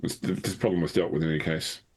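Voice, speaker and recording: Low-voiced, halting male player. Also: fairly even intonation, husky. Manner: halting, with fillers.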